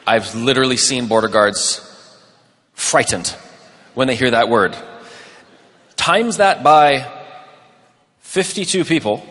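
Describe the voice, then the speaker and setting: A man's voice: mid-range voice, sharp tone, husky. Emphatic man speaking in a reverberant hall. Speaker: business speaker. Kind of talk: speech to an audience.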